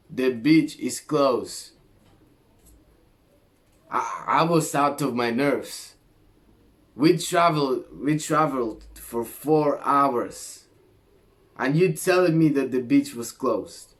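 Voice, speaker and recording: A young man from Greece tells a personal story to his camera, unhurried and drawn out. He swears freely and uses slang, and his pitch sits in an ordinary middle range. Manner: animated, swears a lot, slangy. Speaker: vlogger.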